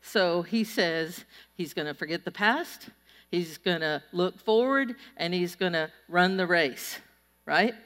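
A woman pastor giving a sermon to a large congregation, telling stories in a lively, conversational way. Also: on the low side, unhurried. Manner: storytelling, animated and conversational. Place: church auditorium before a large crowd. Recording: long reverb of a large hall.

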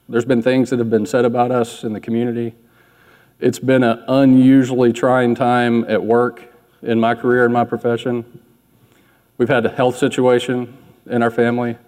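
A man's voice: medium pitch, a little mellow. Man preaching casually in a reverberant hall. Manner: candid, self-deprecating, conversational preaching. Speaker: pastor. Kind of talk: sermon.

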